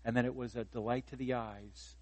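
A man's voice: medium pitch, fairly even intonation, brisk, no room sound, rough recording. A man in his fifties, a pastor preaching a sermon in a conversational way, raising his voice for emphasis and joking at his own expense. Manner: conversational preaching, rising for emphasis, self-deprecating humor.

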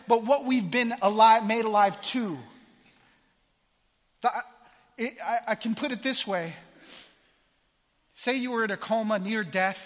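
High-voiced male pastor, impassioned sermon delivery, reverberant room. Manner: impassioned preaching, swinging between quiet intensity and loud exclamation.

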